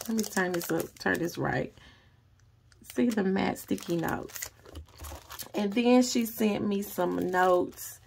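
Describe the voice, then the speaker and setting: A woman vlogger chatting casually through an unboxing, gushing and excitable as she talks straight to her viewers. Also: medium pitch, vocal fry, a little hiss or hum.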